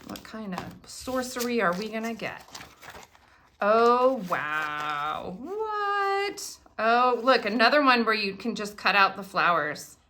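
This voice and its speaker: A woman's voice: a little high, unhurried, sharp tone, a little hiss or hum. A middle-aged woman in a casual unboxing vlog, gushing and exclaiming over each craft item she shows. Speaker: craft product demonstrator.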